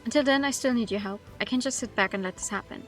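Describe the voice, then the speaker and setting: A woman's voice: on the high side, fast talker, fairly bright tone, soft background music, natural voice. A woman reading the lines of an earnest, headstrong young man in a game, pleading to be trusted.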